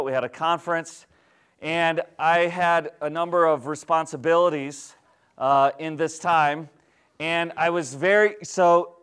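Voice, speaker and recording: A man's voice: a little high, a bit bright, clean tone. A male pastor giving a candid, conversational sermon to his congregation, often asking them rhetorical questions. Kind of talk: storytelling sermon.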